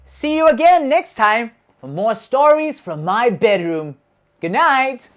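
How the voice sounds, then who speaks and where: A woman narrating a Bible story for children, animated and expressive, with quiet music playing behind her. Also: a little high, slow pace. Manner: animated and expressive, with shouted sound effects.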